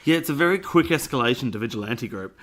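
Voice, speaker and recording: A man's voice: medium pitch, lively intonation, fast talker, fairly bright tone. A man co-hosting a podcast in casual chat, rambling and hesitant with many fillers. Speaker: podcast co-host.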